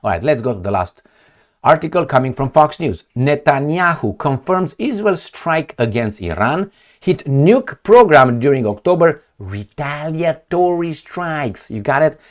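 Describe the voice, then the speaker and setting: A man's voice: medium pitch, big pitch swings, moderate pace. A man hosting a casual news commentary, sarcastic, crude and mocking as he reads and reacts to headlines.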